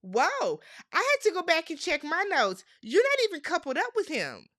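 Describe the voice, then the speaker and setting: Bright, chatty woman recapping TV. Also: very high-pitched, normal speed, no echo, clean studio sound. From United States. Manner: chatty, animated, slangy, mimics cast members' lines. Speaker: recap vlogger. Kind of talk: casual TV recap commentary.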